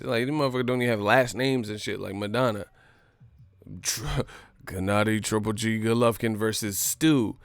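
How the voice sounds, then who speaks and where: A man's voice: mid-range voice, moderate pace, no room sound. A man hosting a live stream, ranting in casual, slangy, profane commentary. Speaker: boxing live stream host.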